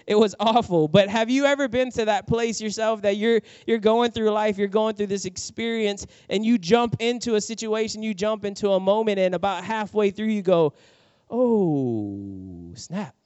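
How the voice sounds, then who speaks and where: A middle-aged male preacher tells a personal story in his sermon, acting out the voices in the tale. His voice sits a little high for a man. The sound is dry and somewhat muffled. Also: smooth, no room sound. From New Orleans, USA. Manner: animated storyteller, acts out quotes. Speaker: pastor.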